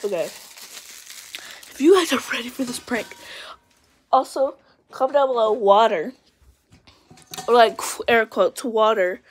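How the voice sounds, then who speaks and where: A young woman vlogging casually, rambling excitedly and calling her viewers "guys" as she talks through a prank. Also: on the high side, unhurried, pauses often, slight background noise. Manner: rambling and chatty, often addresses the viewers as guys; excitable, with frequent fillers and restarts. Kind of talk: casual chat to camera.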